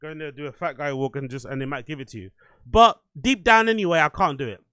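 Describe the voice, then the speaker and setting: A man's voice: on the high side, expressive, fast talker, sharp tone, clean tone, no room sound. A man hosting his own show, rambling playfully and swearing often in a casual solo monologue. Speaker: podcast host.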